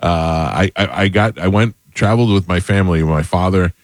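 A man hosting a casual chat, relaxed and laughing along as he rambles through a story. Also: low-pitched, normal speed, dry recording.

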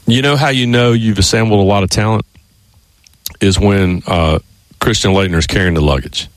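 A man's voice: fairly low pitch, normal speed, no room sound. A man hosting sports talk radio in a studio, a rambling storyteller who keeps restarting his sentences.

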